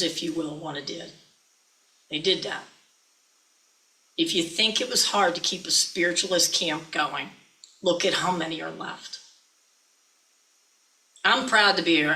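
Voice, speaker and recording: A woman's voice: lowish voice, bright, forceful tone, low-quality recording. A woman minister giving a chatty, folksy sermon, often teasing her listeners.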